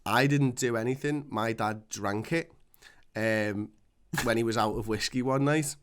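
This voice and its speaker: Male podcast co-host, mid-pitch, animated, rambling storyteller, salty language. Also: a little slow, clear, resonant tone. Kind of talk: casual podcast chat.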